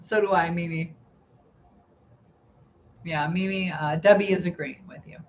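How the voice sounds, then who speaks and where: A woman's voice: on the low side, steady tone, unhurried. A middle-aged woman hosting a casual live stream, chatting and giggling as she reads out viewer comments. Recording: slightly dull lo-fi sound with faint background noise.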